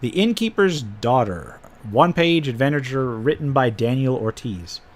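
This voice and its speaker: A man's voice: medium pitch, very animated, a little slow. A man hosting a casual live stream, thinking aloud as he pages through tabletop game files and drops wry asides. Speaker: host reviewing tabletop game PDFs.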